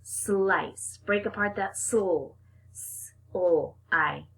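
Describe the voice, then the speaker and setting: A woman's voice: lowish voice, sing-song, takes it slowly, a bit bright. A woman teacher leading a phonics lesson for young children, upbeat and sing-song, stretching out the sounds.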